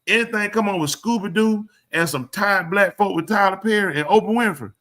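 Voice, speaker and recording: A man talks animatedly on a live show, pressing every point hard. His voice is bright and sits a little high. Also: fairly quick. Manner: animated, emphatic storyteller. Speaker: show host. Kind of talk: live show casual talk.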